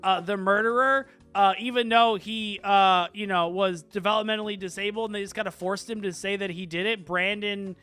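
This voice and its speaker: A man's voice: sits high, fairly even intonation, normal speed, hardly any pauses, pushed and bright, clear, resonant tone. A man narrating a comedic tabletop game as game master, rambling and playful, with frequent fillers.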